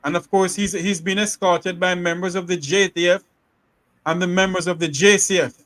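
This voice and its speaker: A man's voice: high-pitched, fairly even intonation, moderate pace, a bit bright, no echo. A man hosting a live call-in talk show, greeting each caller and affirming them briefly.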